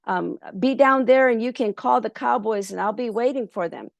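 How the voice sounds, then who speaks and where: A woman's voice: a little high, moderate pace, creaky, no room sound, voice pushed up. A woman doing a sly young trickster farmhand. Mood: sly polite. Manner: pleading, breathless when fooling the boss.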